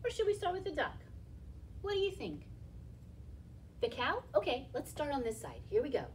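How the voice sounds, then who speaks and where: A woman's voice: high voice, huge pitch swings, moderate pace, recorded from a distance, slight background noise. A woman leading a library storytime for toddlers, singing nursery rhymes and cheering the children on in a sing-song voice. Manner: sing-song, encouraging, speaks to small children. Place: library room, indoors.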